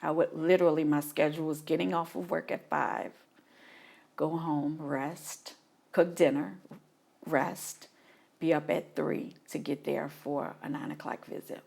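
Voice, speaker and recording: A middle-aged woman from New Orleans speaks in a deep voice with a gravelly edge. She tells her story in an interview, and she acts out the things she once said and felt. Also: measured pace. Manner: animated retelling, acts out her own past reactions. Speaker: guest, mother of an incarcerated son.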